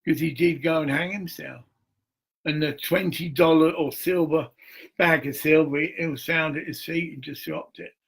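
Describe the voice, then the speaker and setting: A middle-aged man talking in a rambling, crude monologue, swearing and laughing often, with a husky voice. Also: on the high side, steady tone, moderate pace, a bit bright.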